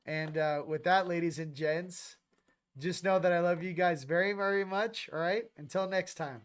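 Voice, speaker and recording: A man's voice: sits high, fairly even intonation, moderate pace. Upbeat man hosting a live stream. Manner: upbeat, reading out viewer shout-outs; loose and rambling, with fillers. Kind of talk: casual live-stream chat.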